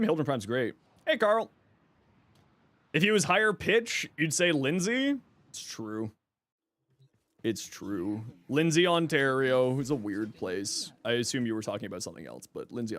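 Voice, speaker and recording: A man's voice: medium pitch, expressive, normal speed, fairly bright tone, no echo. A man from Toronto, streaming and chatting casually with viewers in a laid-back, rambling way. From Toronto, Canada. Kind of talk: casual livestream chat answering viewers.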